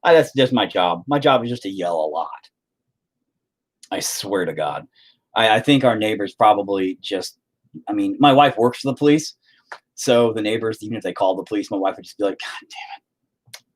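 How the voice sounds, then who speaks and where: Husky, rambling middle-aged man vlogging. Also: fairly low pitch, lively intonation, brisk. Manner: rambling, profane, sarcastic. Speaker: vlogger, band vocalist. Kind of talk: casual chat vlog.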